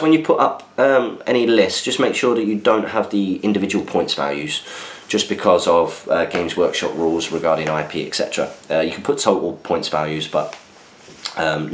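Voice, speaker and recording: A man hosting a podcast, chatting casually as he reads out listener messages and answers them with asides. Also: sits low. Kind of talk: casual chat. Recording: roomy echo.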